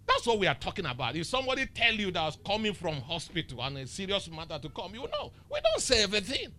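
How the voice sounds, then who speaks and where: A man's voice: high-pitched, wildly swooping pitch, fast talker, hardly any pauses, pushed and bright. A male pastor preaching a sermon, emphatic and teasing, firing rhetorical questions at the congregation. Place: church.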